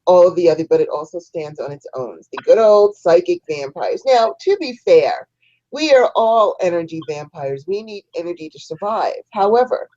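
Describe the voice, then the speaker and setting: A woman's voice: fairly low pitch, warm tone, lo-fi sound. A woman hosting a spiritual talk show, teaching listeners step by step about energy work. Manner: instructive, guides listeners through a ritual. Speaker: host.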